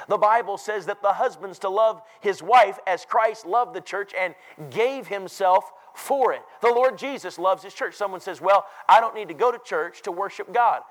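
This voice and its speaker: A man preaching a sermon, emphatic and rising to loud declarations. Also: high voice, rough recording.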